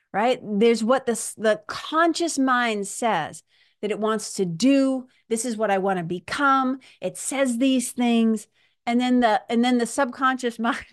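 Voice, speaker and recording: A woman hosting a self-help show, talking animatedly, laughing often and restarting her sentences. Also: a little high. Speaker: podcast host. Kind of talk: self-help talk monologue.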